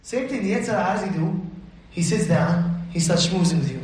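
A man giving a rabbi's sermon on the weekly Torah portion, fiery and animated, bursting into shouts as he acts out stories. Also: high-pitched, fairly quick, very echoey, slight background noise, poor audio.

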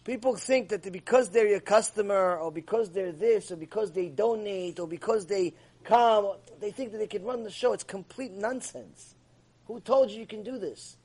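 A man giving an animated, emphatic ethics lecture as a Torah teacher. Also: high voice, normal speed, slightly rough.

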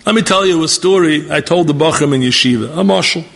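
A man preaching in a storytelling sermon, acting out the dialogue and rising to high, emphatic exclamations. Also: fast, creaky, fairly bright tone. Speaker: rabbi.

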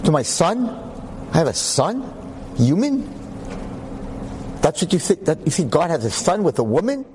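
A man's voice: fairly high pitch, very animated, normal speed, background noise, voice pushed up. A man playing an indignant, offended God. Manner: incredulous, indignant questioning.

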